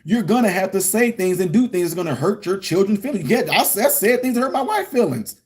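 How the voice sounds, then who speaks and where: A man's voice: high-pitched, expressive, quick pace. A middle-aged man giving a casual commentary rant, emphatic and preachy, repeating his points. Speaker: political commentary vlogger.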